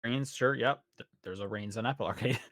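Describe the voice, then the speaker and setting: A man's voice: mid-range voice, fairly quick, no echo. Guy hosting a podcast, kinda rambly, lots of ums, dry close mic. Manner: relaxed, rambling with fillers and restarts. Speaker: podcast host. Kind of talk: casual podcast chat. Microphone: podcast microphone.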